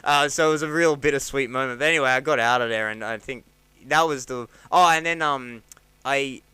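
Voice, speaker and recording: A man's voice: a little fast, smooth, no room sound. An Australian man in his thirties, a stand-up comedian telling rambling stories on a podcast and acting out what people said. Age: 30s. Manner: rambling, animated, acts out quotes with jumps in pitch. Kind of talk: casual storytelling chat.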